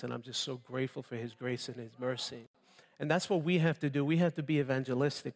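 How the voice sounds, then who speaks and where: A man preaching a sermon, telling his conversion story in an animated way and addressing the congregation. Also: fairly high pitch. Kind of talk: sermon with personal testimony. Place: church hall with long reverb. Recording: reverberant church hall.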